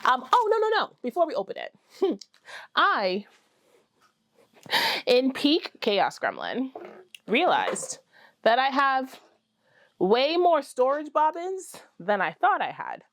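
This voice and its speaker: A woman's voice: high-pitched, slow, pauses often, no room sound. Woman, fiber-craft vlogger; gushing, chatty, dry close sound. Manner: excitable, gushing, apologizes for screaming; chatty with many fillers. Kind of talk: casual chat to camera.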